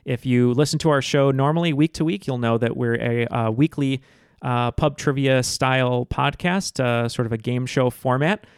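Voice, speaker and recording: A man hosting a trivia podcast in casual chat, relaxed and filler-heavy. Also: mid-range voice, normal speed, clear, resonant tone, no room sound, clean studio sound.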